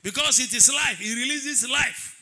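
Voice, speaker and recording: A man preaching a sermon as pastor, calling out to the congregation and building into shouted declarations. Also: very high-pitched, normal speed. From Nigeria. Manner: preaching with call-and-response, swelling into shouted declarations.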